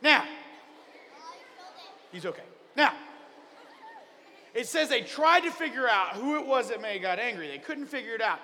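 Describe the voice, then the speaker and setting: A man's voice: very high-pitched, normal speed, long pauses, big-room sound, some chatter behind. Playful man telling kids a Bible story. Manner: playful, animated, jokey. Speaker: children's minister. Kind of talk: lively children's Bible lesson.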